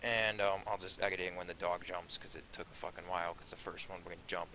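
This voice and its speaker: Bright-voiced young man vlogging casually. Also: deep voice, little pitch movement, a little fast, a little hiss or hum. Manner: profane, rambling and offhand. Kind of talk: casual vlog narration.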